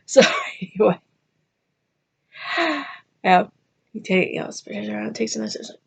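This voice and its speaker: A woman casually retelling a fairy tale in a rambling, chatty way, jumping her pitch up to act out the characters' lines. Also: little pitch movement, normal speed, vocal fry, long pauses, darkish tone, breathy edge. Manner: chatty and rambling, acting out quotes with pitch jumps. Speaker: vlogger. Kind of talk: casual storytelling.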